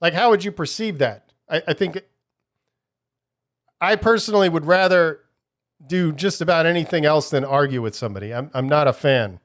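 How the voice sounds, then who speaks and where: A man's voice: on the high side, moderate pace, fairly bright tone. Rambling, musing male podcast host. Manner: rambling, many restarts, musing. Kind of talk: casual solo podcast talk.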